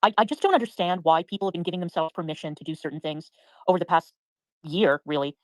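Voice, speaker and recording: A woman's voice: on the low side, no echo, rough recording. A woman on a livestream, speaking in an indignant tone. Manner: indignant, rapid. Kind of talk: casual livestream chat.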